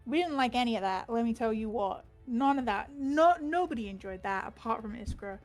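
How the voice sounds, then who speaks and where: A woman's voice: a little high, animated, fairly quick, soft background music. A woman recapping a tabletop game session in casual chat, rambling and swearing freely.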